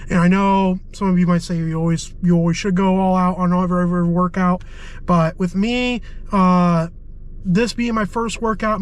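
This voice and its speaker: A man's voice: sits high, rough recording. A man, a volunteer firefighter, talking casually to his viewers while out of breath and sick, rambling with many fillers, outdoors and later in his car. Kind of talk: casual vlog talk. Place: outdoors on a march, later inside a parked car.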